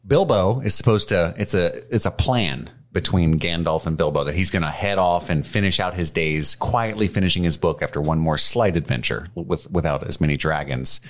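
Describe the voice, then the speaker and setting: A man co-hosting a podcast, recapping a movie in casual chat, joking and swearing freely. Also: sits low. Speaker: podcast co-host.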